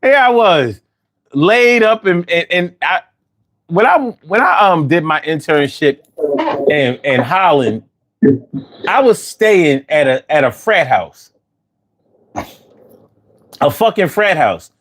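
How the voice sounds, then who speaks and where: A man hosting a casual chat, telling stories with lots of swearing and putting on high voices when he quotes himself. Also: slow pace, pauses often. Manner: animated storyteller, swears freely, jumps into high voices for quotes. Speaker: host.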